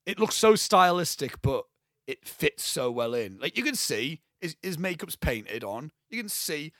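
An enthusiastic young man rambles about a movie he loves, swearing as he goes. His voice sits a little high, and the recording is close and dry, with no room sound. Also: sing-song, measured pace, fairly bright tone, no room sound. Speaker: podcast co-host. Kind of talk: casual film discussion.

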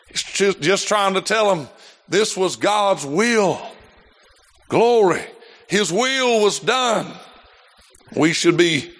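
A male pastor delivers a fervent sermon in an unusually high, bright voice. He preaches slowly, drawing out his words and stacking rhetorical questions as he builds to shouts.

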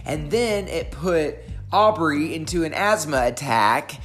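A woman telling a story in a casual chat, rambling and getting animated as she acts out the scenes. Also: sits low, a little slow, faint music behind. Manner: rambling, animated when acting out scenes, laughing.

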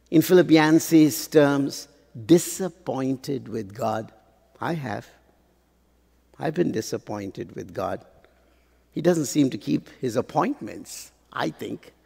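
A man preaching a sermon, pausing for effect and asking the congregation rhetorical questions. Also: fairly high pitch, gravelly, a little mellow, slightly rough. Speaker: pastor. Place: large church hall. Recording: long hall reverb.

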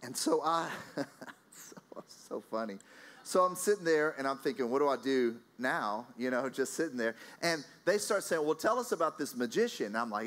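A man preaching in a conversational storytelling style, his pitch swinging widely as he recounts events. He talks loosely, with many fillers and self-corrections, like a pastor chatting from the pulpit. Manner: animated, anecdotal, many fillers and restarts. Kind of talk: sermon storytelling.

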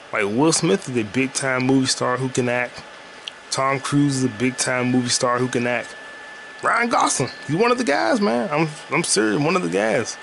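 A man hosts a laid-back solo podcast from home, rambling loosely, cursing, and laughing often while a loud game console runs nearby. His medium-pitched voice is a bit bright with vocal fry, and there's slight background noise.

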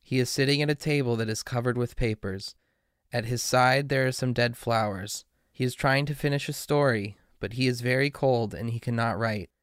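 A man voicing a kind, grave statue of a prince in a storybook reading, calm and pleading. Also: mid-range voice, normal speed, clean tone, dry recording, clean studio sound, lightly acted. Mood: tender.

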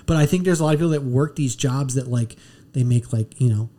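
A man's voice: medium pitch, a little fast, warm tone. A tired man co-hosting a podcast, ranting bluntly and swearing often in casual chat. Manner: profane, blunt rants with restarts. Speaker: podcast co-host.

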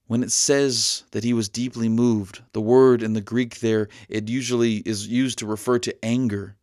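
A man preaching an earnest podcast sermon, slowing down at key lines to let them land. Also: medium pitch, fairly even intonation, darkish tone, no echo, studio quality.

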